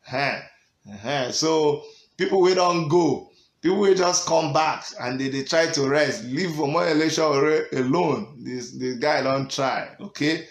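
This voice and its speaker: A man's voice: a little high, a little slow, echoey room. A middle-aged Nigerian man with a Nigerian accent, giving an emphatic vlog rant that switches between Pidgin and English, chuckling often. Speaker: political party member.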